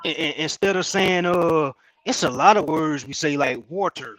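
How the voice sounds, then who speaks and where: A man with a South Carolina accent in casual podcast chat, animated, swearing freely and often restarting his sentences. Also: on the high side, normal speed, no echo, poor audio.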